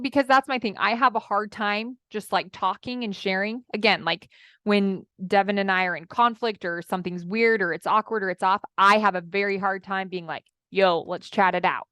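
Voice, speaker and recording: Her mid-range voice sounds pushed and bright, captured cleanly in a studio with no echo. This thirties-aged marriage coach delivers a friendly, chatty pep talk straight to her audience, performing her clients' quoted words.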